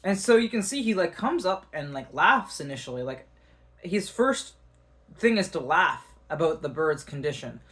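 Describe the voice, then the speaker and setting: A fairly high-voiced man tells a tense personal story straight to camera. He talks in a lively, animated way, peppered with fillers and the odd curse word. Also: normal speed. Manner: animated, swearing, many fillers. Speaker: vlogger.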